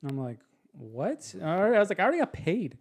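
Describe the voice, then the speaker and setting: This podcast guest, a young man, spins a story conversationally, lively and full of impersonations, often jumping back to restart. His pitch is a little high and his tone husky.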